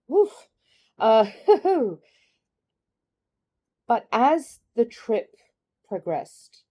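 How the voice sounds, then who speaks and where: A middle-aged woman chatting candidly in a personal vlog, musing aloud and laughing softly between thoughts. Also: fairly low pitch. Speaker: carnivore diet vlogger. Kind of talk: reflective personal vlog chat.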